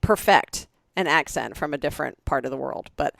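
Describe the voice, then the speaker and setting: Woman in her forties, low pitch, gravelly, dry close sound, chatty co-host telling animated anecdotes. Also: fairly quick, no room sound. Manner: chatty, animated storyteller who acts out others' lines. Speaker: podcast co-host. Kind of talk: casual storytelling chat.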